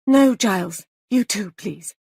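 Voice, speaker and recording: Worried young wife talking fast and pleading, woman reader, gravelly. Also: medium pitch, expressive, a little mellow, no echo, clean studio sound, heavily acted. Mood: urgent. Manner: urgent, pleading. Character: anxious young woman, guesthouse owner.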